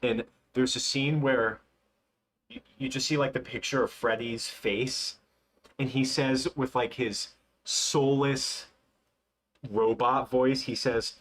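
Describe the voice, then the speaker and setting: Young male streamer, chatty and excitable, rambles with lots of fillers. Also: medium pitch, slow pace, a little hiss or hum. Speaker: livestream host. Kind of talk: casual livestream chat.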